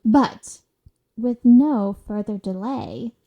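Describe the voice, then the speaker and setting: A woman's voice: a little high, takes it slowly, highs cut off. A woman co-hosting a podcast in casual, giggly chat that rambles a little. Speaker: podcast co-host.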